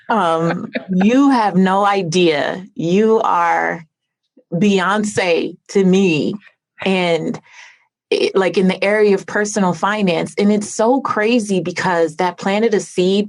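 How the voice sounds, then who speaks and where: A woman hosting a podcast interview over a video call, talking in an effusive, heartfelt way with lots of "like.". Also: medium pitch. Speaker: podcast host. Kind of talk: conversational interview.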